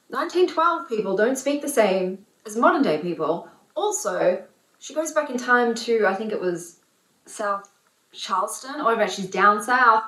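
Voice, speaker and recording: A woman reviewing books in a casual vlog, talking in an opinionated, animated way with lots of fillers. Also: medium pitch. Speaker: book reviewer. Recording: roomy echo.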